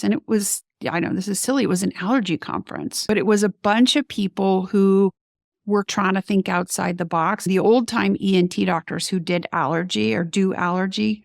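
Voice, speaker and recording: A middle-aged woman tells her story in an interview, lively and animated, slipping into the voices of the people she quotes. Her voice has a gravelly, fry-tinged edge, and the recording is dry and close. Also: medium pitch, no echo. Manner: animated, acts out quoted remarks. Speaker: guest ENT doctor.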